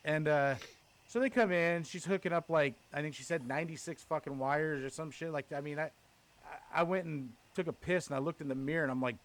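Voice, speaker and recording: A man with a slightly high voice tells a story on a podcast, loose and chatty. He curses often and acts out each exchange in quoted dialogue, jumping between his own lines and the other people's. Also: fairly quick. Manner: animated, profane, retells with quoted dialogue. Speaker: podcast host. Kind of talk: casual storytelling chat.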